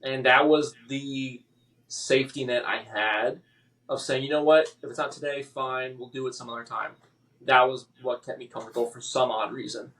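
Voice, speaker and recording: Male guest, mid-pitched, halting emotional storyteller, slightly distant mic. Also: steady tone, a bit bright. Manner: halting, emotional, with many restarts and fillers. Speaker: podcast guest. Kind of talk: personal story in a podcast interview.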